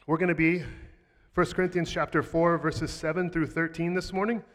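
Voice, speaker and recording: A man's voice: a little high, a bit bright. Man preaching a sermon in a hall. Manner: conversational, playful sarcasm, reads scripture aloud. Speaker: pastor.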